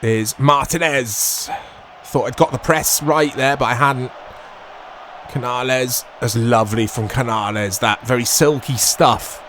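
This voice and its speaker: A man commentating his own football video game play, excitable and self-mocking, shouting at big moments. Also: mid-range voice, a little slow, a little hiss or hum. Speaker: gaming YouTuber. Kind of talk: gameplay commentary.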